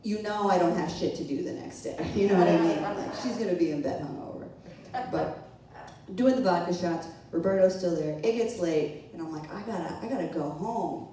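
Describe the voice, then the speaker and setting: A woman tells a rowdy personal story on stage, loose and chatty, with a laugh never far away. Her voice sits low and mellow. The sound comes from a distant mic in a very echoey room. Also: moderate pace, slight background noise. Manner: casual, chatty, laughing and swearing often. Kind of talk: live storytelling to an audience. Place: small event room with a live audience.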